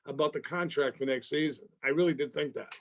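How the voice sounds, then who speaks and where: A middle-aged man talks in a gravelly, rough-edged voice. He tells his story with energy, acting out the phone calls and bursting into exclamations and curses as he goes. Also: on the high side, fast. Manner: acts out phone calls with swearing and loud exclamations. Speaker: actor interview guest. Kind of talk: animated storytelling in conversation.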